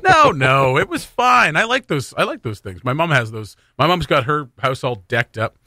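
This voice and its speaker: A man's voice: on the high side, very animated, moderate pace, pushed and bright, no echo, studio quality. A man co-hosting a casual morning radio show, joking and laughing often as he chats.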